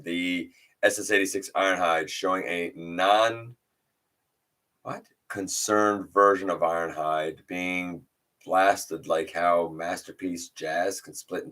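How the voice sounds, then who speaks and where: A man with a low voice that has a bright, forceful edge hosts a relaxed livestream from his home setup. He rambles a little, greets viewers by name and reads their chat comments back to them. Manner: rambling with fillers and restarts. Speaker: livestream host.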